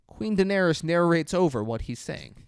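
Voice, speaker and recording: A man co-hosting a podcast, casually and profanely recapping a movie with animated asides. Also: a little high, moderate pace, vocal fry, clean tone, no room sound, studio quality. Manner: profane, animated retelling with mock voices. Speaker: podcast co-host. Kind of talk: casual movie review chat.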